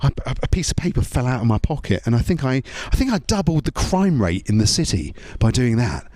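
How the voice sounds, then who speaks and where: Lively stand-up comedian, man. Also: mid-range voice, fairly quick, dry recording. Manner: chatty, leans on tag questions, frequent stammered restarts.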